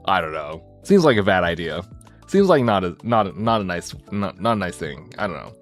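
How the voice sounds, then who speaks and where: A man chatting casually on a stream, jokey and animated, his voice swinging from mumbles to high excited bursts. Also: fairly quick, faint music behind.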